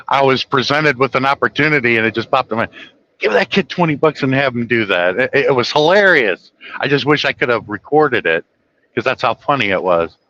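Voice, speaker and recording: A middle-aged man from the United States tells rambling stories in a bright, forceful voice, chuckling often and livening up when he quotes people. The sound is a bit dull and lo-fi. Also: mid-range voice. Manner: chuckling often, animated when quoting others. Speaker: trucker telling stories. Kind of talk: casual storytelling monologue.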